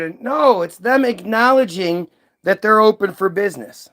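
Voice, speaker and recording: Brief: male commentator, high voice, worked-up profane rant with stammered repeats, dry untreated sound. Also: moderate pace, bright, forceful tone, dry recording. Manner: ranting, profane, repeats words when worked up. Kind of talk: heated commentary while reading aloud.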